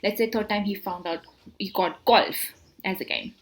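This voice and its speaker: A woman speaking straight to camera in a relaxed, talky way, coaching her viewers. She keeps throwing out rhetorical questions and answers them herself. She restarts her phrases and fills the gaps with "uh" and "you know" as she sketches ideas with her hands. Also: medium pitch, moderate pace. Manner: explains with hand gestures, repeats words, many fillers. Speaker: motivational speaker. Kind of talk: casual talk to camera.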